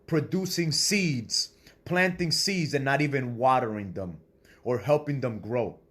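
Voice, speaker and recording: A husky-voiced man at a middle pitch preaches tough love with a confrontational bite. He swears freely and lectures his listeners hard. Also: unhurried, a bit bright. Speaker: self-styled spiritual speaker. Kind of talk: blunt profane motivational sermon.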